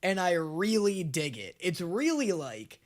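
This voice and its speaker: A young man giving casual, jokey and crude anime reaction commentary, getting excitable. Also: sits high, measured pace. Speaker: reaction video host.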